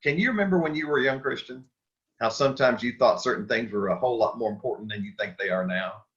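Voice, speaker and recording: A man's voice: mid-range voice, fast, fairly bright tone, highs cut off. A man teaching a church Sunday school class, talking casually with restarts and questions to the group. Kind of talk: Bible study lesson.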